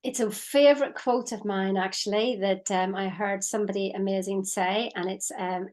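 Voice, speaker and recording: A woman's voice: medium pitch, fairly even intonation, moderate pace, hardly any pauses. A woman in her fifties co-hosting a casual chat as a mindset coach over a video call, talking in a reflective, hesitant way. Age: 50s. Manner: reflective, hesitant, with fillers and restarts.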